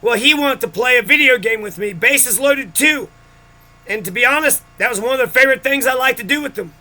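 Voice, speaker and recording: Angry vlogger, male, high and bright voice, bitter and profane, rants straight to camera. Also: fairly quick. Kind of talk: angry personal rant.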